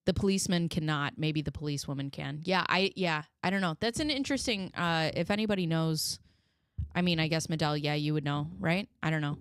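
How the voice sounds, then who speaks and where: A woman's voice: sits low, clean tone, no room sound, studio quality. A woman in her thirties hosting a live stream, chatting in a rambling, heartfelt way. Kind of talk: casual commentary.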